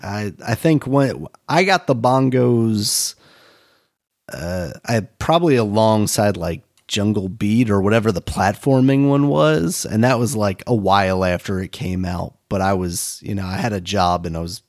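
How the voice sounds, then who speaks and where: Low, gravelly laid-back podcast guy. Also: unhurried. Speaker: podcast co-host. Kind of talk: casual chat.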